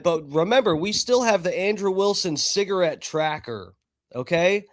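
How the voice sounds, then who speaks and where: On a live stream, a man with a high, expressive voice chats casually at a measured pace. He swears freely and talks directly to his chat.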